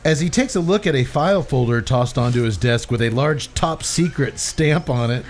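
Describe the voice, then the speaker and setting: Animated, laughing podcast host man. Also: mid-range voice, normal speed, a little hiss or hum. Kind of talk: casual chat recapping a movie.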